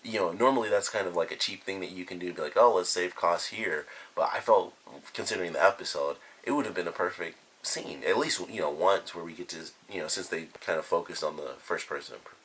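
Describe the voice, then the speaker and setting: A man's voice: low voice, quick pace, a bit bright, husky. A man giving a casual spoken review of a cartoon episode, retelling scenes in a loose, rambling way full of "like" and "you know". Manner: rambling, filler-heavy retelling.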